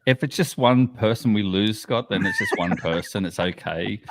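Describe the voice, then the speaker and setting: A man's voice: lowish voice, lively intonation, moderate pace, a little hiss or hum. An Australian man co-hosting a podcast, easygoing and jokey in casual chat. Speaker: podcast co-host.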